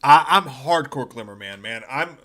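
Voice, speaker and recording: Bright-voiced excitable man. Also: medium pitch, normal speed. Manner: excited, profane, often laughing. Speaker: podcast co-host. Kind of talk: casual movie chat on a livestream.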